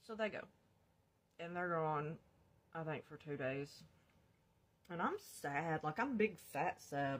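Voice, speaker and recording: A young woman with a deep voice tells her own story to the camera, speaking slowly with long pauses. She's casual and animated, swears freely, laughs often, and calls her viewers y'all.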